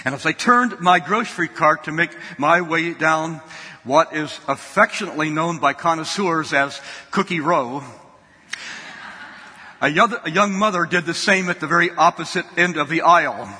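Preacher man telling a story in his sermon, husky and really bright, lots of hall echo. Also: on the high side. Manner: folksy storyteller, repeats words. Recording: long hall reverb.

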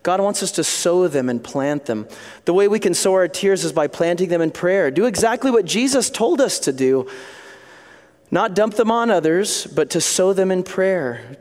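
A middle-aged man preaching a sermon as a pastor, animated, acting out little voices and scenes. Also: a little high, long reverb tail.

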